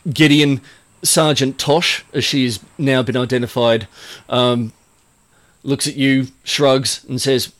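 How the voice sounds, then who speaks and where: A man narrating a tabletop game as game master, rambling and halting often as he describes the scene. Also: mid-range voice. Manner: rambling, full of "uh" and restarts.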